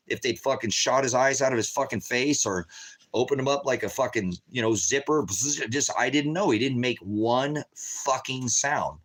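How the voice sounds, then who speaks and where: A man's voice: medium pitch, normal speed, a bit bright. An agitated man addresses his livestream viewers in a rambling monologue. He swears in nearly every sentence and keeps repeating himself. His delivery is raw and unscripted. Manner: agitated, heavily profane, repetitive. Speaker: ministry livestreamer.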